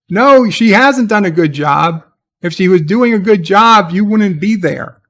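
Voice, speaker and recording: A man's voice: high voice, lively intonation, a little slow, a bit bright. A man giving a casual spoken recap of a TV episode, rambling and hesitant with lots of fillers and sarcastic, exasperated asides. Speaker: TV episode reviewer.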